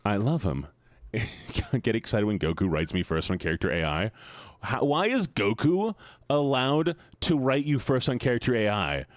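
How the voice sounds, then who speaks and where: Excitable streamer guy with lively jumps. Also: normal speed, no echo. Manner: excitable, swearing, sudden high-pitched outbursts; rambling with restarts, talks to chat. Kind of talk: casual live-stream chat while gaming.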